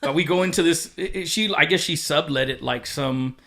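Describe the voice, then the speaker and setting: A man's voice: a little high, brisk, vocal fry, fairly bright tone. A man guesting on a podcast, telling a personal story in casual chat, speaking candidly with swearing and acting out quoted dialogue.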